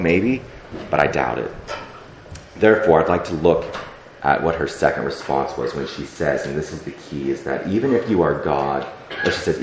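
A young man with an extremely deep voice delivers a sermon in a loose, conversational way, full of fillers and acted-out prayers. He sounds like he's in a reverberant church sanctuary with a faint hum of room ambience behind him. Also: lively intonation, moderate pace. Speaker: pastor.

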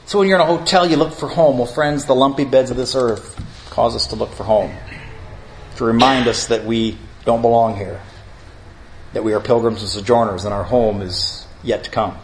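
A man's voice: medium pitch, steady tone, moderate pace, slight background noise, low-quality recording. A middle-aged man preaching a sermon, telling stories in a conversational way and rising to emphatic lists. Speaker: pastor.

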